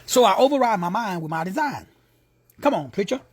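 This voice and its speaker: Un predicatore texano dalla voce alta e molto mobile, un po' roca, che insegna con tono giocoso e gergale. Spesso abbassa la voce fino a un sussurro per i commenti a parte. La registrazione è secca, senza riverbero. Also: male voice, high-pitched, expressive, a little fast, breathy edge, no room sound. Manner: playful and slangy, dropping into hushed whispers for asides. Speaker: preacher and teacher. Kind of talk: informal sermon teaching.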